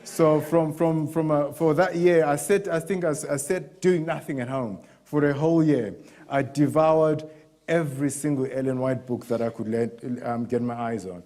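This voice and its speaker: A middle-aged man from Zimbabwe preaching a sermon as a personal testimony, candid and halting, often restarting and acting out the voices of others. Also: a little high, steady tone, darkish tone.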